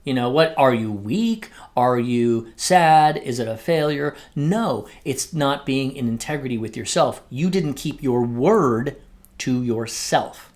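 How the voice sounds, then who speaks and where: A man's voice: medium pitch, lively intonation, slow pace, a little mellow. A man hosting a podcast, talking casually and animatedly about self-improvement, acting out his own quoted thoughts as he goes. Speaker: podcast host. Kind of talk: casual motivational monologue.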